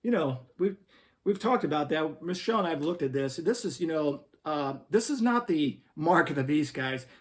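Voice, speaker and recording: A man's voice: fairly high pitch, animated, moderate pace. A man hosting a Christian commentary video, earnest and preacherly, reading scripture aloud. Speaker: host.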